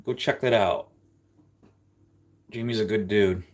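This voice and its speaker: A man hosting a livestream, chatting casually with viewers and reading their comments out loud. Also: fairly low pitch, takes it slowly. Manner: chatty, rambling, ranting. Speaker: livestream host.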